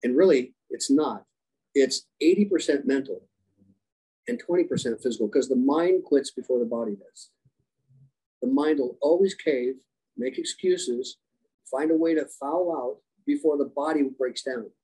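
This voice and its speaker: Male podcast guest, husky and mellow, animated storyteller. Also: mid-range voice, normal speed, poor audio. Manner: animated, acts out quoted dialogue. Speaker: guest, leadership coach and former special operations rescuer. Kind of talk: storytelling interview answers. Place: podcast conversation.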